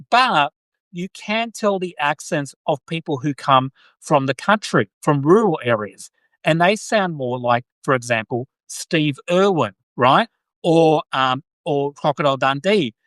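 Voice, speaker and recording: A man's voice: a little high, lively intonation, a little slow, a bit bright, dry recording. An Australian man from Sydney, hosting a casual live-stream chat, rambling and chatty as he answers viewer comments. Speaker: podcast host.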